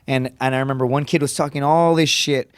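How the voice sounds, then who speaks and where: Fast-talking profane man telling stories. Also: fairly even intonation, clear, resonant tone, no echo, studio quality. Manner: profane, rapid storytelling with frequent "dude" and "right?"; acts out quoted voices with raised pitch. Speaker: podcast guest, comedian. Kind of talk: casual podcast storytelling.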